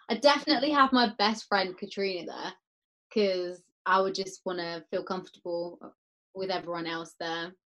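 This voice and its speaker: A woman's voice: mid-range voice, rough recording. A young woman in casual chat, giggling and telling her answers in a playful, rambling way. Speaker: guest.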